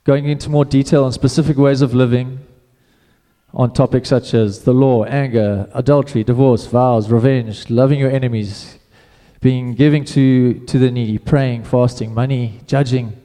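A man's voice: medium pitch, fairly even intonation, moderate pace, dark tone, in a large hall. A man preaching a sermon in a casual, conversational way, often restarting his phrases.

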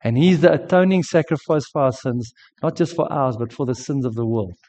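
A man's voice: medium pitch, expressive, fairly quick, dark tone. A middle-aged man preaching a sermon, telling a personal testimony earnestly. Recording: dull lo-fi sound with long hall reverb.

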